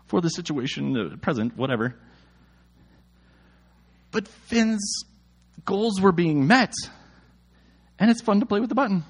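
Animated man reading and riffing on scripture. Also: high voice, normal speed, long pauses, slightly rough. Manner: animated, jokey, exasperated asides. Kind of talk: casual scripture reading and commentary.

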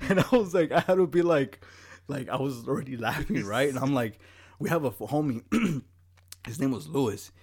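A man's voice: medium pitch, normal speed, slightly rough. A young man hosting a casual podcast, telling stories, laughing often and swearing freely. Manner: laughs a lot, swears, animated storytelling. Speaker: podcast host. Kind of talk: casual chat.

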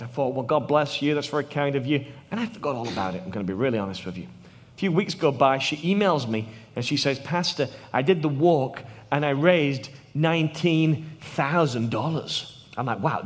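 A man in his thirties with a British accent, a missionary preaching a sermon and telling stories, at times dropping to hushed tones. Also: fairly high pitch, long reverb tail. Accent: British English. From England. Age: 30s. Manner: storytelling, drops to hushed tones for effect.

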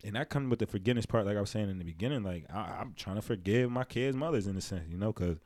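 A young man co-hosting a casual podcast, talking loosely about fatherhood and sometimes jumping into high, animated imitations. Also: fast talker, dry recording. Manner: animated storytelling, slips into high mimicking voices. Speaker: podcast co-host.

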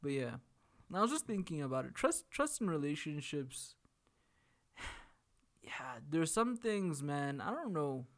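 A man chatting casually with a slightly higher pitch than most. His talk is loose and slangy, full of "dude" and "fam". He laughs easily as he retells stories. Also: very animated, unhurried, long pauses. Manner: laid-back slangy banter, laughs while retelling stories. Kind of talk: casual chat.

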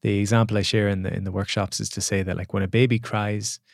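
A man in his thirties talks fast in a casual podcast chat, slipping into quoted voices as he tells stories. His voice sits low with a gravelly edge. The sound is dry and close. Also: no echo. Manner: animated storyteller acting out quoted voices. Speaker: podcast guest, coach.

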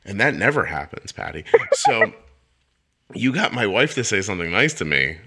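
A man's voice: fairly low pitch, sing-song, moderate pace, bright, forceful tone, husky. A middle-aged man hosting a podcast interview, emotional and self-deprecating, joking with his guest. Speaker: podcast host. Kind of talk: casual interview chat.

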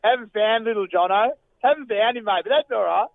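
A man's voice: high voice, brisk, creaky. Man putting on Gaz, a rambling Aussie bloke on the phone. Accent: Australian. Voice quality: rambling, drawling, trailing off. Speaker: caller. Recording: tinny phone line.

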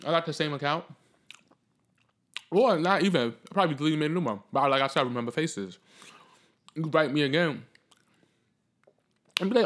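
A man hosting his own podcast alone, talking off the cuff in a blunt, profane, sassy way, swinging between loud outbursts and low muttering. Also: a little fast, pauses often. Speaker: podcast host. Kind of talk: solo podcast monologue, unscripted.

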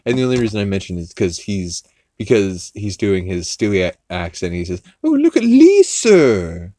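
A man's voice: sits low, fairly even intonation, a little fast, a little mellow. A man hosting a podcast, casually recapping an episode in a rambling, profane way with many fillers and restarts. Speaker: podcast host.

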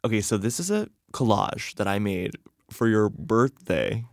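A man's voice: on the low side, very animated, a little slow, vocal fry, no echo, clean studio sound. A man from Nashville hosting a podcast, rambling bashfully with lots of "like" and restarts in casual chat. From Nashville, Tennessee. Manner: rambling, full of "like", bashful and emotional. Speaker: podcast host.

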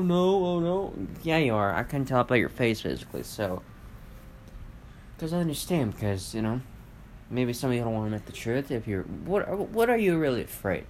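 A man hosting a solo podcast, talking off the cuff and cursing freely. His pitch swings widely as he keeps hammering the same confrontational questions. Hesitant fillers and false starts pepper his talk. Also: slight background noise. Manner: profane, repetitive, confrontational questioning; hesitant, many fillers and restarts. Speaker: podcast host. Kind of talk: rambling solo podcast monologue.

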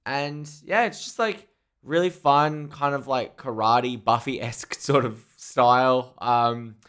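A man's voice: mid-range voice, slow pace, a bit bright, clean tone. A man co-hosting a podcast, chatting casually about a TV show, rambling and joking, often slipping into quoted asides. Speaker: podcast co-host. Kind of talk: casual chat reviewing a TV show.

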